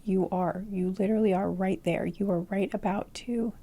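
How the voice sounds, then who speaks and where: A woman giving a casual tarot reading, rambling and searching for words, at times speaking softly into a close microphone because her voice is fading. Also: mid-range voice, steady tone, normal speed. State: losing her voice. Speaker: tarot reader.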